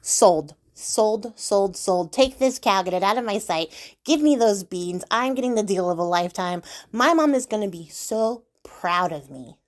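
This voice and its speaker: A woman's voice: mid-range voice, expressive, measured pace, close to an everyday voice. A cocky, impulsive teenage boy bragging with easy overconfidence, as a woman plays him in a casual retelling of a storybook tale. The voice stays close to her own everyday speaking voice. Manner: boastful, overconfident.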